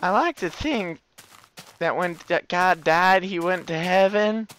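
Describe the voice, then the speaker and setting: A man's voice: high voice, a little slow, fairly bright tone, clear, resonant tone. A man doing goofy, rambling Let's Play commentary, breaking into whiny mock-crying outbursts. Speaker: gamer, channel host.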